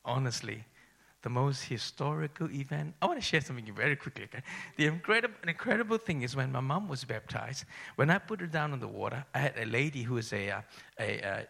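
A middle-aged man from Malaysia, a pastor telling his own story in a sermon, dropping to whispers and rising to excited highs. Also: fairly quick, gravelly. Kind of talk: sermon testimony.

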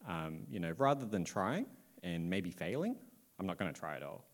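A man with a very low voice gives a relaxed Bible talk to a group gathered in a room. He speaks loosely and informally, filling pauses with plenty of ums as he paraphrases the story. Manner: casual, many filler ums, loosely paraphrasing. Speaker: church speaker. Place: indoor room with listeners.

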